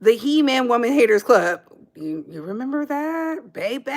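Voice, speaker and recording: An American woman hosts her own commentary show in a sassy, emphatic style, with a voice pitched a little high. She keeps calling her listeners "baby" and stays casual and direct. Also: very animated, moderate pace. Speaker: commentary channel host.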